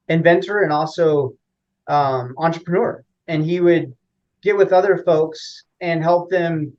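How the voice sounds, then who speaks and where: A man's voice: fairly high pitch, darkish tone, highs cut off. A man as an interview guest, explaining at length in a rambling casual way with frequent fillers and restarts.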